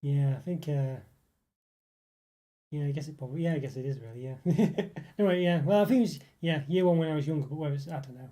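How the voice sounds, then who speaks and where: On his casual livestream, a young man from northeast England reads chat and rambles with viewers, peppering his talk with fillers and restarts. He speaks fast, in a mellow voice on the high side.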